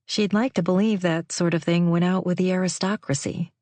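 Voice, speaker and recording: A woman narrating a novel in a measured, even way on a close studio mic. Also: on the low side, dry recording. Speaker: audiobook narrator. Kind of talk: scripted narration.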